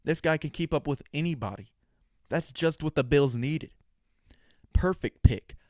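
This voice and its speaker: A man's voice: a little high, lively intonation, unhurried, dry recording, clean studio sound. A young man hosting a sports podcast, talking casually with sarcastic, opinionated jokes. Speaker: podcast host.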